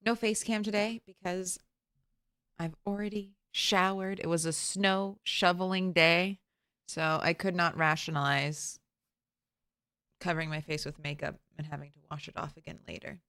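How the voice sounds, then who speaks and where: A woman's voice: mid-range voice, a bit bright, no echo, studio quality. A woman game streamer chatting casually from home, greeting viewers by name and laughing often.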